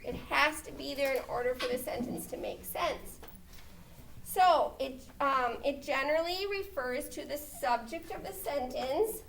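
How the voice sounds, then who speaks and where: A woman's voice: sits high, unhurried, gravelly, fairly bright tone, slight background noise. A woman teaching a grammar lesson, checking in with "okay?" as she explains. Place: classroom. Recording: echoey classroom, mic far off.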